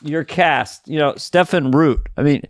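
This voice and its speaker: A man's voice: a little high, a little slow, dry recording. An older man co-hosting a podcast, chatting casually and praising with enthusiasm and repeated phrases. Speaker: podcast co-host. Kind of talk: casual chat.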